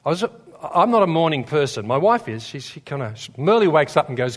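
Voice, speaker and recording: A man's voice: a little high, lively intonation, brisk. A man preaching a sermon in a church, telling stories with humor and building to fervent emphasis. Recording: long reverb in a large hall.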